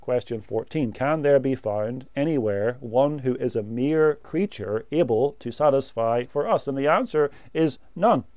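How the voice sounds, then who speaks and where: Slow, dark-voiced male preacher. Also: mid-range voice, expressive, dry recording. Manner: slow, measured doctrinal teaching with emphatic repetition. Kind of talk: sermon.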